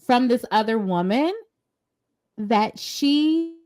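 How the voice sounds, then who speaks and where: Woman podcast co-host, emphatic gossip storyteller, acts out quotes, slightly high voice. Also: lively intonation, slow pace, a little mellow. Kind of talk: casual pop-culture chat.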